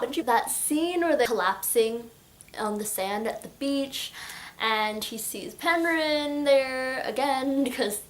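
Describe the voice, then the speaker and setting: A young adult woman chatting excitedly about a book in a casual vlog, full of filler words. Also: high voice, slow. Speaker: book reviewer.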